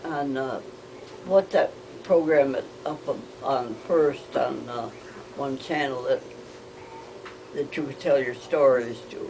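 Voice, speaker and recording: An older woman telling rambling family stories, halting with frequent restarts. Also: a bass voice, noisy background. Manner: hesitant, halting, with many restarts. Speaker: interviewee.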